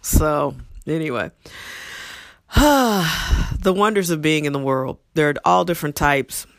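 A woman telling stories from her past in a blunt, animated, profane way, acting out what people said. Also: low-pitched, slow, creaky, dry recording, clean studio sound. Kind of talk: casual storytelling monologue.

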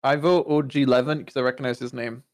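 A man's voice: medium pitch, steady tone, fast talker, dry recording. A man chatting casually as a podcast guest, joking and laid-back.

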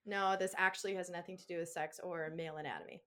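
A woman's voice: fairly low pitch, steady tone, quick pace, sharp tone. A woman co-hosting a casual podcast, reading out slang terms and laughing along. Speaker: podcast co-host. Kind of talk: casual chat.

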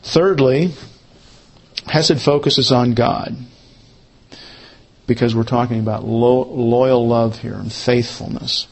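A man teaching a Bible study lesson, who repeats his key points slowly, as if for note-taking. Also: mid-range voice, steady tone, gravelly, slightly rough.

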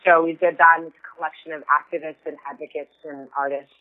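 A woman's voice: deep voice, level tone, fast talker. Earnest woman on a phone line. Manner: earnest, effusive, rambling. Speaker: guest. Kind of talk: casual chat.

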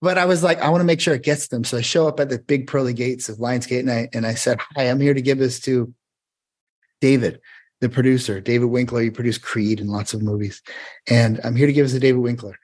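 A choreographer appearing as a guest tells a long, rambling anecdote in casual chat, speaking fast in a mid-range voice. His storytelling is animated and full of restarts.

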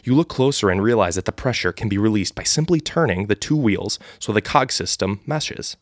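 Low-voiced guy reading an ai story live, cracking up, dry sound. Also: animated, fairly quick, dry recording. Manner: casual and laughing, with restarts. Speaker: storyteller and host. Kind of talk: live unrehearsed reading of an AI text adventure.

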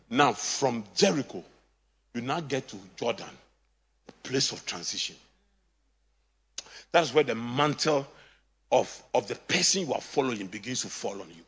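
A male pastor preaching a sermon, swinging from quiet asides to shouted, high-pitched exclamations. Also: animated, measured pace, long pauses, husky. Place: church. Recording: church hall reverb.

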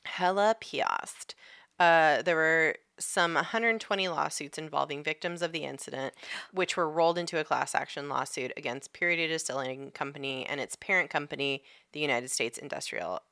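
A woman's voice: sits low, fairly quick, bright, forceful tone, smooth, no room sound, clean studio sound. A woman co-hosting a casual podcast, reading a story aloud from notes, swearing freely and breaking into laughter. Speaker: podcast co-host.

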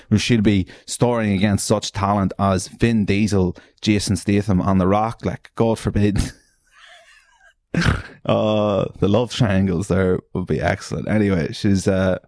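A man's voice: low-pitched, a little mellow, no echo. An Irish man hosting a podcast, rambling through a story with lots of swearing and self-mockery. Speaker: podcast host. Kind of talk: casual monologue. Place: bedroom.

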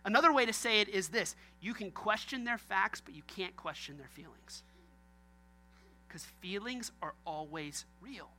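A man's voice: high-pitched, moderate pace, pushed and bright, faint music behind. A man preaching a sermon as pastor, joking and talking straight to his congregation.

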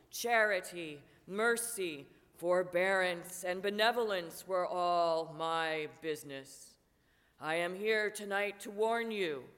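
A grim old male ghost in chains groans out each phrase slowly and heavily, as a woman with a cold puts him on. The voice sits low and loud, stretched out and grave. A long reverb trails each line as if spoken in a large hall. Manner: slow, heavy, booming delivery. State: has a cold.

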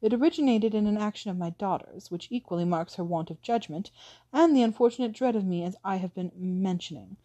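A woman reading the lines of a smooth, scheming aristocratic widow in an audiobook, with a suave, persuasive manner. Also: mid-range voice, a little fast, dark tone, close to an everyday voice.

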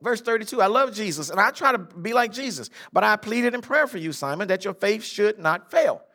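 An older man preaching a sermon in a church, his voice high and bright. He swings his pitch up and down as he acts out Bible figures in casual street talk. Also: lively intonation, a little fast. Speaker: pastor. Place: church sanctuary.

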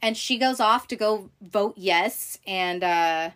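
A woman hosting a casual recap, talking in an animated, profane way with many fillers and acted-out quotes. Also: mid-range voice, slow pace. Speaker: podcast host recapping a TV show. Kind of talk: casual chat.

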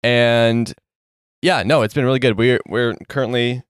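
A man's voice: medium pitch, fairly even intonation, moderate pace, clear, resonant tone, no echo. Jokey young guy, podcast co-host, dry close sound, laughs easily. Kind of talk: casual chat. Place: bedroom used as studio. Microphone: studio mic.

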